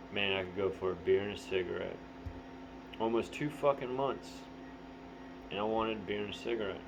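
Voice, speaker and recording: A man talking candidly to the camera in a profane, motivational monologue. He is blunt, swears constantly and often clears his throat. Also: mid-range voice. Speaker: vlogger. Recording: dull lo-fi audio with faint hum.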